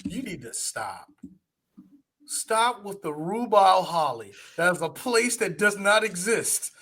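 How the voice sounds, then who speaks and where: A man co-hosting a podcast, talking in a high, bright, cutting voice. He rants in loose, profane casual chat and often breaks into laughter. The energy stays animated throughout. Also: slow pace, breathy edge. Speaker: podcast co-host. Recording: audio podcast.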